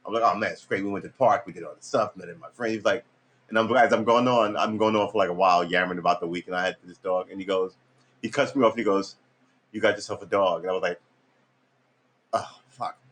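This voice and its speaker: Laid-back New man, groggy and a bit cranky, lower voice, loose casual storyteller who swears easily. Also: fairly even intonation, rapid-fire, a bit bright. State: tired, just woke up. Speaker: guitar practice streamer.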